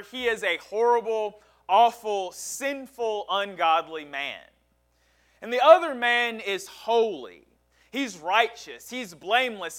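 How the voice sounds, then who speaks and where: A man preaching a sermon from the pulpit, with a high-pitched voice. He speaks slowly and tells the story dramatically, stacking up emphatic words. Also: sharp tone. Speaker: pastor.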